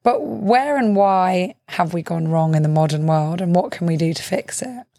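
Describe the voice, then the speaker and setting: A woman's voice: lowish voice, animated, moderate pace, warm tone, no room sound, studio quality. A woman hosting a podcast interview, asking thoughtful questions with frequent fillers and backchannels. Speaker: podcast host. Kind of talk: conversational interview.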